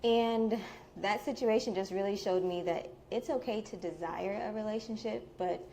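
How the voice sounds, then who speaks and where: Young midwest woman telling her story live in a little shop, open and chatty, some vocal fry. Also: mid-range voice, moderate pace, slight background noise. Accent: American Midwest. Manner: candid, chatty, with soft laughs. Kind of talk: personal story told live to an audience. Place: bubble tea shop.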